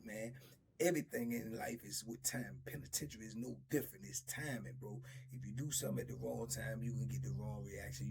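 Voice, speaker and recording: A man's voice: medium pitch, vocal fry, a bit bright, slight background noise. A middle-aged man telling stories in a laid-back, drawling way, laughing often. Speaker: storyteller host. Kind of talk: casual storytelling.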